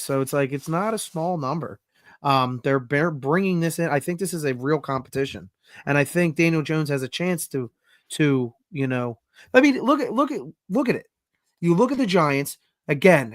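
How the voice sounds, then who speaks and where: A man's voice: a little high, dry recording. Dry, emphatic, foul-mouthed guy. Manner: profane, emphatic, argumentative. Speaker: podcast co-host. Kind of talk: heated casual sports chat.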